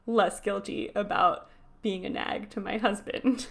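A woman from New York hosting a podcast in casual chat, talking in an animated way with lots of "like" asides. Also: mid-range voice, a little slow, vocal fry. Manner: chatty, animated, full of "like" asides. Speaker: podcast host.

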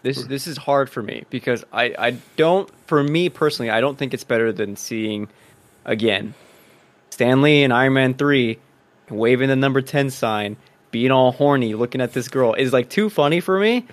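A man's voice: mid-range voice, normal speed. A man co-hosting a casual podcast chat, hesitant and thinking aloud as he weighs options. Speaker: podcast co-host.

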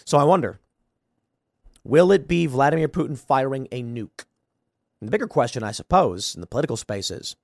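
A man's voice: medium pitch, vocal fry, darkish tone, dry recording, clean studio sound. A man hosting a political commentary show, talking in an incredulous, ranting way and mocking people by imitating them.

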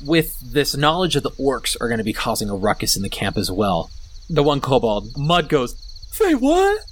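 A man narrating as game master of a tabletop game, animated and quick to laugh. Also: mid-range voice, a little hiss or hum.

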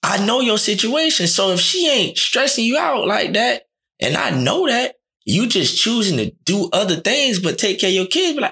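A man's voice: high-pitched, very animated, moderate pace, bright, forceful tone. A man talking in a casual, slangy chat, often acting out quoted dialogue.

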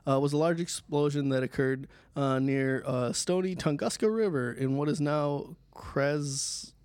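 A man co-hosting a podcast, chatting casually and filling pauses with many ums and uhs. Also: on the high side, darkish tone, no room sound, studio quality. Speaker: podcast co-host. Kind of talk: casual chat.

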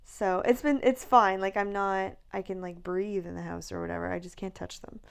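A pregnant woman in her thirties chatting casually, telling an animated story, acting out quoted lines and laughing often. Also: mid-range voice, normal speed, gravelly, clear, resonant tone. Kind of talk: casual chat.

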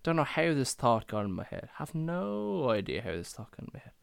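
A man's voice: medium pitch, very animated, fairly quick, gravelly, smooth, no room sound. A young Irish man hosting a podcast, rambling and swearing through a tipsy, chatty monologue. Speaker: podcast host.

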